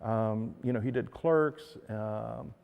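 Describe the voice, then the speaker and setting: A man talks straight to his viewers as the host of his own show, rambling and padding every thought with fillers and "dude." His voice has a gravelly fry. A long hall reverb trails behind him. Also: lowish voice, slow pace, narrow, tinny audio. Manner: rambling, filler-heavy, says "dude" often. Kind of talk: casual monologue to viewers.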